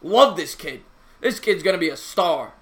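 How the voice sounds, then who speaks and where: A man calling a baseball game play by play on his live stream, chatting with viewers in a casual, slangy, excitable way. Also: a little high, normal speed.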